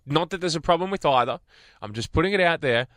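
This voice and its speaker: A man's voice: fairly high pitch, expressive, quick pace, fairly bright tone, no room sound, studio quality. A man co-hosting a radio show, chatting casually and teasing his co-host. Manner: playful, teasing, breaks into silly made-up songs.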